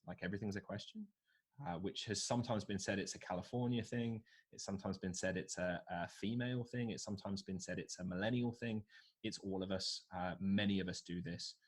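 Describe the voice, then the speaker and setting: A low-pitched man leads an online workshop on presentation skills, coaching participants and reading their ideas aloud. His voice has a husky edge. He is speaking into a computer mic on a video call. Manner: coaching, reads out participant answers.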